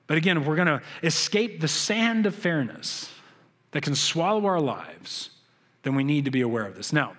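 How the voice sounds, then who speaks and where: A young adult man preaching a sermon, telling stories and acting out quoted voices with big jumps in pitch. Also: very animated, normal speed, a bit bright. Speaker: pastor. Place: church sanctuary.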